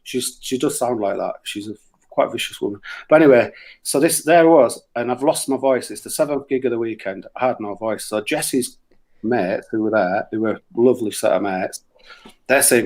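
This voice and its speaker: A man's voice: medium pitch, moderate pace. A middle-aged man with a Yorkshire accent, telling crude, sweary stories in a casual chat on a radio show. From Yorkshire, England. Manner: crude, swearing, animated anecdotes with put-on voices.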